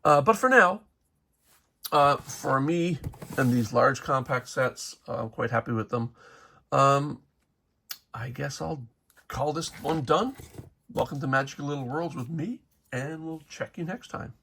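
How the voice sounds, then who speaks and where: A man's voice: a little high, measured pace, creaky, sharp tone, husky. A man casually showing toys from his collection, rambling with many fillers and restarts and correcting himself as he goes. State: hiccuping. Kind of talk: casual unscripted show-and-tell.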